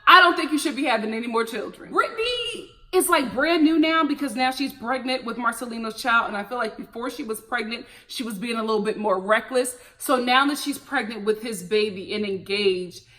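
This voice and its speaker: A woman recapping a reality show in a casual, gossipy, animated way, laughing often and using slang. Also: fairly high pitch, moderate pace, hardly any pauses.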